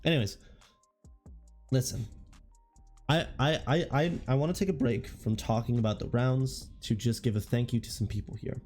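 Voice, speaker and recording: A hoarse man casually recounting events in a relaxed, rambling way with frequent restarts. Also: medium pitch, normal speed, pauses often, faint music behind. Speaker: tabletop wargame content creator. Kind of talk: relaxed spoken recap.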